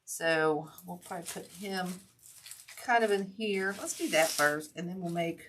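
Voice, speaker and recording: A woman's voice: fairly low pitch, a little slow, fairly bright tone, a little hiss or hum. A woman hosting a casual crafting tutorial, chatting and rambling as she works with her hands. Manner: chatty, rambling, talks while working. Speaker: wreath-making host.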